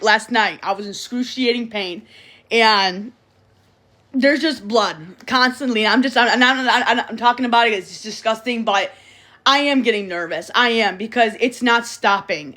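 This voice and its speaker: A woman's voice: fairly high pitch, sharp tone. A woman casually chatting on a phone livestream, rambling and repeating herself, blunt and often swearing. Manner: rambling and repetitive, frequent restarts. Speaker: livestream host.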